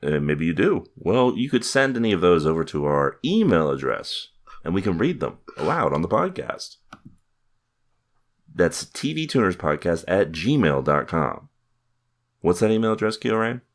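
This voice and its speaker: A man's voice: low voice, very animated, moderate pace. A man hosting a casual podcast, joking and rambling with his co-hosts. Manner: jokey, rambling, laughs at his own bits. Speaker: podcast host.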